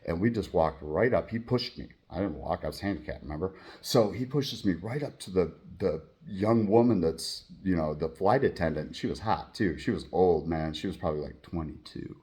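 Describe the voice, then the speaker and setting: Brief: middle-aged man, low voice, blunt profane rambling storyteller. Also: normal speed, few pauses, slightly rough. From Michigan, United States. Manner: profane, blunt and animated, acting out quoted voices. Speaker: channel host telling a personal story.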